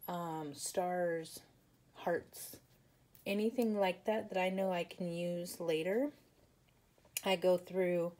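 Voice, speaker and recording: Tired, chatty woman with a low, mellow voice. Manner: chatty, rambling, apologetic, laughs and yawns. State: tired, yawning. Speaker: papercraft crafter. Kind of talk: casual show-and-tell.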